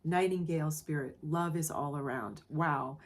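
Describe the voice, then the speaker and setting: A woman giving a collective tarot reading in a soft, emotional way, often repeating phrases and checking in with the listener. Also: low voice, normal speed. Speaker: tarot reader. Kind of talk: gentle spoken tarot reading.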